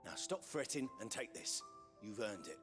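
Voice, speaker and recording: Kindly hideout carpenter, lively and reassuring, music under him. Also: male voice, on the low side, moderate pace.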